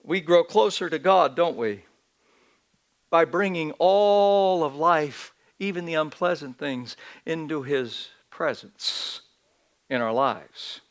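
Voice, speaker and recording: Man, pastor, high voice, earnest sermon, repeats phrases, church. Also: slow. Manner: earnest preaching with repetitions and restarts. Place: church sanctuary.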